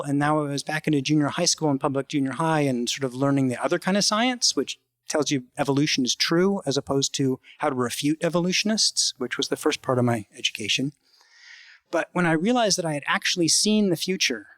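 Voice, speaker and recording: A man telling a true story about his own life in a halting, conversational way, acting out the voices he quotes. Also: medium pitch, a bit bright, no echo. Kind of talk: live personal storytelling.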